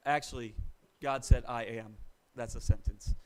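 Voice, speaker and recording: A man leading a relaxed church Bible study, encouraging people and laughing easily. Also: mid-range voice, moderate pace, poor audio. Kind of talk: casual class discussion.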